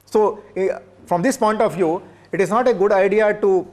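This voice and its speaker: A man's voice: high voice, moderate pace, darkish tone. A male professor, lecturing teachers, repeating points for emphasis and asking the audience rhetorical questions. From India.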